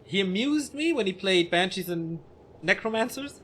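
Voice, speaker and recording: A man's voice: high voice, expressive, normal speed, a bit bright, a little hiss or hum. A man casting a strategy game match alone, calling the play and joking between calls. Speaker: esports caster. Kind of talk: solo play-by-play game commentary.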